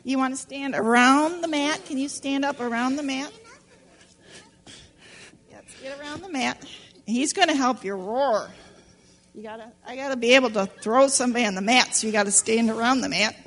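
A woman teaching Sunday school, telling a story to children in an animated, playful way and asking them questions. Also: high-pitched, moderate pace. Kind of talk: storytelling demonstration lesson for children. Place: church classroom with children.

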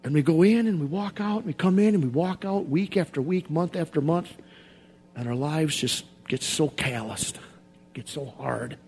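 High-voiced man preaching with shouted outbursts. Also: normal speed. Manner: swings from quiet confession to shouted outbursts; repetitive, emphatic preaching cadence. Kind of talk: sermon.

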